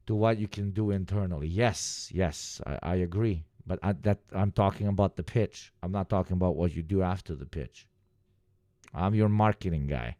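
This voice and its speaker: A low-pitched man talks politics on a stream in a sardonic, mocking way. His voice is dry and close to the mic. Now and then he jumps into a high mocking voice. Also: warm tone, no room sound. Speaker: streamer commentator. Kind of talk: casual political commentary.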